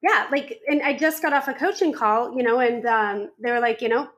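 A woman hosts a podcast interview in a chatty, informal way. She talks loosely and fills her sentences with fillers. Her voice is on the high side for a woman. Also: normal speed. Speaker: podcast host. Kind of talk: casual interview chat.

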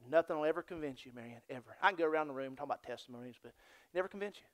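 A man preaching a sermon as pastor in a church, dropping to hushed near-whispers and then building to loud, excited storytelling. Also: a little high, racing, hardly any pauses.

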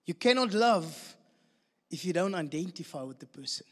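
Male pastor, high voice, storytelling sermon in a long-reverb hall. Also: normal speed. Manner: storytelling, lively and animated with laughter.

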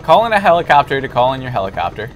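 A man's voice: mid-range voice, sing-song, rapid-fire, soft background music, rough recording. A young man co-hosting a gaming show, giving bossy, joking backseat directions over gameplay. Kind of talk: casual gameplay banter.

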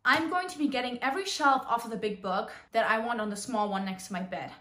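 A woman's voice: fairly high pitch, quick pace, sharp tone. Bubbly young woman vlogging in an echoey bedroom. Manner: bubbly, chatty, dramatic exclamations. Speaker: book vlogger. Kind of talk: casual vlog chat.

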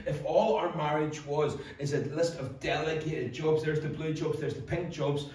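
A Northern Irish man preaches to his congregation, earnest and direct, slipping into quick acted-out asides now and then. His fairly high voice rings around a very echoey church hall, picked up from some distance away. There is a faint hum of room noise underneath. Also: fairly even intonation, a little mellow. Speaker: pastor. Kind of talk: sermon.

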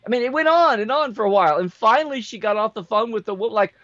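A man hosting a casual video chat, telling an anecdote in an animated way and acting out the quotes. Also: high-pitched, quick pace, dry recording, highs cut off. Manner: animated storyteller, acts out quotes. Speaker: host.

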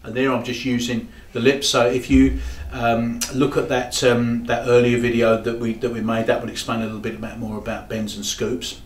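Sax teacher in an echoey room. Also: male voice, mid-range voice, level tone. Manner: halting, explanatory, with frequent pauses. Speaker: saxophone teacher. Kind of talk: demonstrating tutorial. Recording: echoey room with faint background noise.

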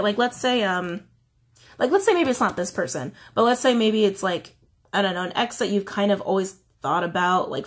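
A woman's voice: mid-range voice, slightly rough. A woman giving a casual tarot reading, reading guidebook passages aloud and then explaining them in a chatty way with frequent fillers. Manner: chatty, reads card texts slowly then explains with lots of "like" and "um". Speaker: tarot reader.

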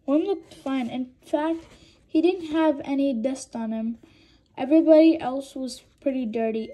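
A woman with a high, mellow voice reads a children's book aloud. She goes slowly and hesitantly, stumbling and humming between phrases. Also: rough recording. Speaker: reader.

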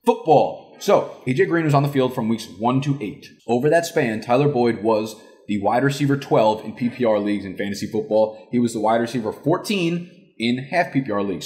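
A young man from New Jersey hosting a fantasy football show, talking loudly and emphatically with plenty of swearing. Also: medium pitch. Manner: loud, emphatic, profane, yelling. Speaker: fantasy football analyst host. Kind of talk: casual ranting analysis.

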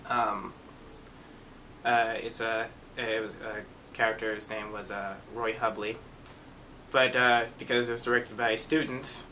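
Bright-voiced young man, chatty and self-amused. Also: medium pitch, a little hiss or hum. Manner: chatty, laughs at himself. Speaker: actor. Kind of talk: casual interview.

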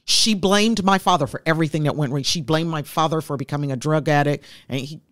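A woman's voice: low-pitched, fast, dry recording, studio quality. A woman in her fifties, a guest telling her life story in an interview, heartfelt and reflective.

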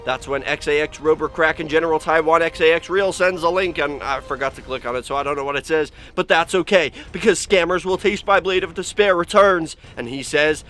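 A man's voice: fairly high pitch, moderate pace, hardly any pauses, a bit bright, faint music behind. A man hosting his own YouTube channel, reading out comments in a hyped, dramatic way. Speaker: YouTube host. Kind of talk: energetic vlog narration.

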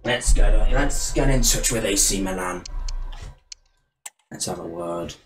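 A young British man giving excitable, cheeky live commentary on a football video game, with game music behind him. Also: fairly low pitch, unhurried, background noise. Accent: British English. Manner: excitable, shouting and cheeky trash talk. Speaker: gaming YouTuber.

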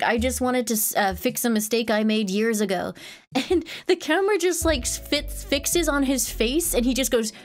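A woman streamer in casual chat, rambling and giggling as she retells a movie scene. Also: fairly high pitch.

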